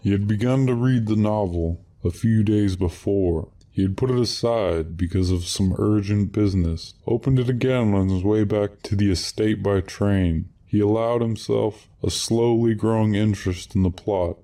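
A man narrating short stories in a steady, unhurried reading voice. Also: on the low side.

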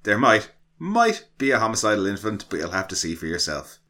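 A man's voice: lowish voice, wildly swooping pitch, brisk, sharp tone. A man co-hosting a casual podcast, joking and laughing as he reads from his notes. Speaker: podcast co-host. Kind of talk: casual chat.

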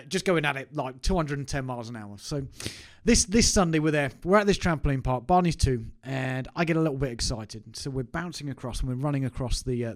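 A man, telling a personal story to camera in a chatty, self-mocking way. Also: mid-range voice. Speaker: business owner vlogger. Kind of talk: casual anecdote to camera.

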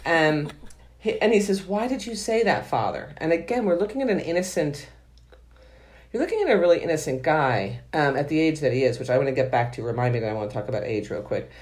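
A woman's voice: low-pitched, lively intonation, fast, darkish tone. A woman author talking casually about a book she loves, enthusiastic and rambling, with frequent restarts. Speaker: author and podcast guest.

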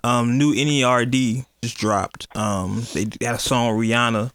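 A man's voice: medium pitch, steady tone, unhurried, noisy background. A man co-hosting a podcast, laid-back in casual chat, slipping into mock-formal announcements. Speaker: podcast co-host.

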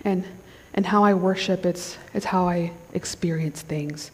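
A woman's voice: on the low side, unhurried, darkish tone, slightly rough. A woman giving a conversational sermon at a conference, often checking in with the crowd. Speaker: conference speaker. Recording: long hall reverb.

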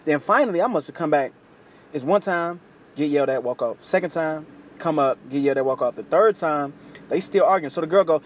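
Young male podcast host, fast storyteller, crude slang, animated voice jumps. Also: slight background noise. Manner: animated, acts out quoted voices with big pitch jumps; crude slangy street talk. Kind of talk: casual storytelling chat.

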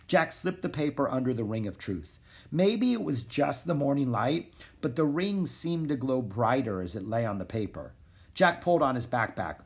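Husky man reading a children's story. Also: mid-range voice, normal speed. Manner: expressive narration. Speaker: audiobook narrator. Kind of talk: storybook read-aloud.

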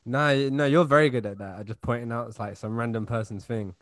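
Young man, easygoing podcast co-host, joking, mid pitch, dry close recording. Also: fast talker, no echo. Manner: relaxed, joking, steers the talk like a host. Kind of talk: casual chat.

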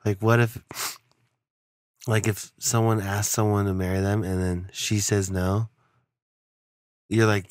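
A young man co-hosting a podcast in casual chat. He rambles, swears often and acts out quotes in a much higher voice. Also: level tone, a little slow, pauses often, dry recording, studio quality. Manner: rambling, swears a lot, acts out quotes with big jumps in pitch. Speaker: podcast co-host.

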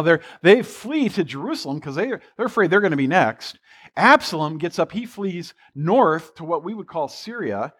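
A pastor preaching a sermon, retelling a story in a loose, conversational way and voicing the characters with "he's like". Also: sits high.

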